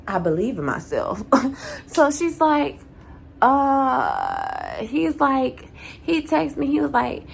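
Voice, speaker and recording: Gravelly, profane woman ranting a storytime. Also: high voice, measured pace, a little hiss or hum. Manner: animated, profanity-laced, acts out quoted dialogue. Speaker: vlogger.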